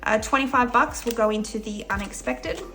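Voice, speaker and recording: Australian woman, young adult, Australian accent; crisp bright delivery, chatty and upbeat vlog host. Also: fairly high pitch, normal speed. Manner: chatty and upbeat, counting cash aloud. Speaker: budgeting vlogger. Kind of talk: casual vlog narration.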